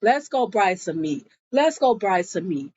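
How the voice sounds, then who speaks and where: A woman voicing a pushy, overbearing father who talks in a rushed, insistent way, on a dull recording. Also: medium pitch, sing-song, a little mellow, slightly rough.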